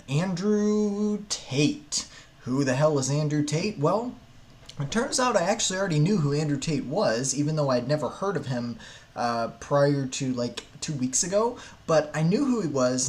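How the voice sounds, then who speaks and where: A man giving casual online commentary in a relaxed, offhand way, with some fillers. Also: a little high.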